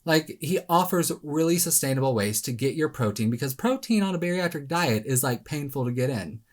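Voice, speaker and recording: Talking straight to the camera, a man offers casual weight-loss tips at a brisk clip. He's animated and pokes fun at himself, his pitch leaping suddenly and dramatically.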